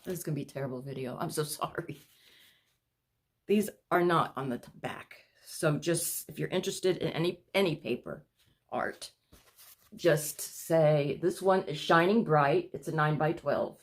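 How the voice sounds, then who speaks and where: A woman talks to her viewers in a low-pitched voice, pausing as she runs short of breath. Her chat rambles and she apologizes often, in an easy home-video way. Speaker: vlogger showing her paintings. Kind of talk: casual chat to camera.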